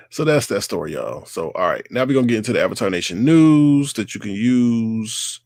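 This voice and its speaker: A man's voice: fairly low pitch, very animated, normal speed, long pauses, a little mellow, no echo, clean studio sound. A man hosting a casual live online show, ranting and mocking the people he talks about, recorded on a computer mic. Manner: ranting, mocking impressions of others. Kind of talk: casual livestream commentary.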